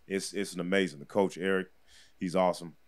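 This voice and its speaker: Animated storytelling man on a podcast. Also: low-pitched, fast. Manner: animated, laughs often, acts out quotes in bursts. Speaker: podcast guest. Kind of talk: casual storytelling.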